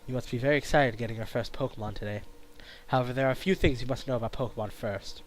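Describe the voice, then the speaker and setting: A man voicing a calm, kindly male professor who is new in town, reading his lines in a low, hushed, measured voice. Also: natural voice, poor audio. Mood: earnest.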